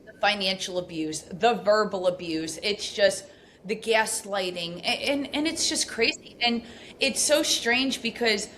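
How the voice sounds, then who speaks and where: A middle-aged woman, a podcast guest telling stories in a casual, animated way, full of fillers. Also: medium pitch, unhurried, slight background noise. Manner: animated, acts out quoted speech, frequent fillers. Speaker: podcast guest, abuse recovery coach. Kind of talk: casual storytelling interview.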